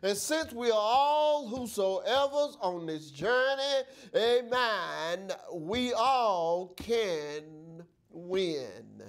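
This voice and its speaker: A male pastor preaching a sermon, reading scripture aloud and speaking in a slow, drawn-out cadence with frequent amens. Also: high voice. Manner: reads scripture in King James wording.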